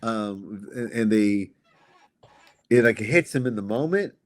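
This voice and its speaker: Man, 50s, low voice, reflective guest with halting delivery, dry close sound. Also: animated, no room sound. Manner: halting, restarts often, reflective. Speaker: guest comic writer. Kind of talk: casual podcast conversation.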